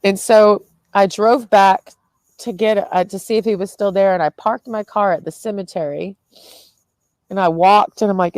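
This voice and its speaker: A woman's voice: mid-range voice, steady tone, normal speed, darkish tone, no room sound. A young woman talking in a rambling, casual vlog, tired with a headache, swearing freely and laughing often between sentences. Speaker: vlogger.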